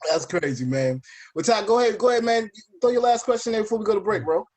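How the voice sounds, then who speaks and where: A man hosting a podcast interview, laid-back and quick to laugh. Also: high-pitched, expressive, a little mellow. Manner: laid-back, laughs often, repeats call-in details. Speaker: podcast host.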